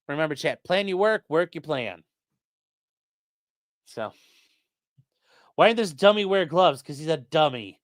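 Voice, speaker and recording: A man doing live-stream commentary for his chat, profane, excitable and sarcastic. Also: on the high side, a little slow, long pauses, dry recording, studio quality. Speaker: streamer reading court documents to chat.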